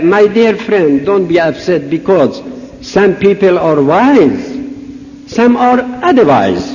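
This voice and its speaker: An older man from Iran with a Persian accent and a high voice gives a humorous anecdotal speech in a large conference hall, speaking slowly in halting non-native English and voicing dialogue as he tells stories. The audio is dull and lo-fi, with hall echo and a faint hiss.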